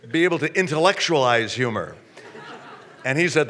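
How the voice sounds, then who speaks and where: A man's voice: medium pitch, animated, moderate pace, fairly bright tone. A man, a guest, telling an anecdote with stammering restarts and acted-out quotes. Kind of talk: anecdote storytelling.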